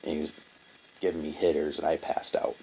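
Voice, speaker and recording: Low-voiced young man confessing, halting. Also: flat delivery, creaky, dark tone, slightly rough, low-quality recording. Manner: halting, profane, full of restarts and fillers; subdued and heavy-hearted. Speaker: vlogger. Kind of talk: confessional storytelling monologue.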